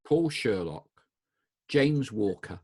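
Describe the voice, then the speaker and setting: Podcast host guy, husky voice, lively up and down pitch, bit hesitant with the ums. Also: slow. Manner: hesitant, lists names with fillers. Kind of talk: conversational interview questions.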